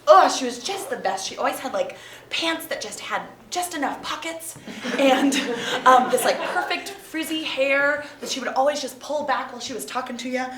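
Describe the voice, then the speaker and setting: Animated woman telling a story on stage. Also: a little high, far from the mic. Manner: animated, laughing often. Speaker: theatre teacher telling a story. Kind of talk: storytelling to a live audience. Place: performance room with an audience. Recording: echoey room, mic from afar, crowd noise.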